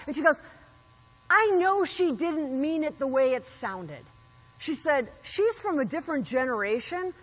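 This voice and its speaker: A woman keynote speaker with a high voice tells stories to a conference audience and acts out the quotes with plenty of animation. Her voice carries through a large hall with a long reverb tail. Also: normal speed. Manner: animated storyteller acting out quotes. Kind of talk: motivational keynote speech.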